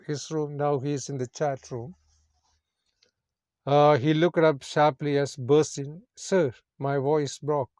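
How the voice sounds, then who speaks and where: A male English teacher works through a story, reading a passage and then explaining its words. He speaks simple, non-native English at an everyday pitch and repeats each meaning. The sound is dry and close. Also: mellow, no room sound.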